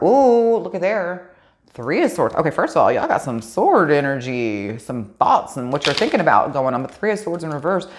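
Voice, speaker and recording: Low-voiced woman tarot reader, casual, excitable, swears freely, talks straight to her viewers. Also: slight background noise. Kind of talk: casual tarot card reading.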